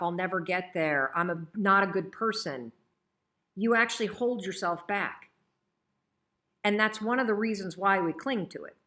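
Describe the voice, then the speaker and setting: Bright-voiced woman coaching with energy. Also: medium pitch. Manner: energetic, chatty, emphatic. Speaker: host and coach. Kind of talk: motivational training talk.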